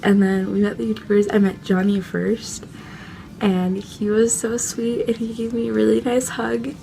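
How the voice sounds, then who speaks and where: A young woman chats excitedly in a casual vlog, gushing and piling on fillers. Her mid-pitched voice carries a gravelly fry. Faint music plays underneath. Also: normal speed. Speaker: vlogger.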